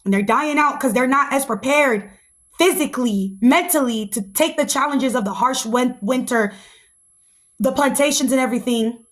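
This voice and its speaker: A young woman, hosting a podcast in a sassy, animated casual monologue. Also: high-pitched, moderate pace. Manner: animated and sassy, slips into mocking put-on voices. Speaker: podcast host.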